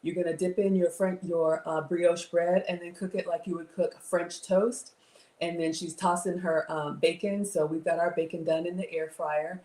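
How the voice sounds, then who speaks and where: A woman's voice: lowish voice, steady tone, moderate pace, a little mellow, reverberant. A middle-aged woman, hosting a live cooking stream and chatting casually with viewers, reading their comments aloud. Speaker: livestream cooking host. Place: home kitchen.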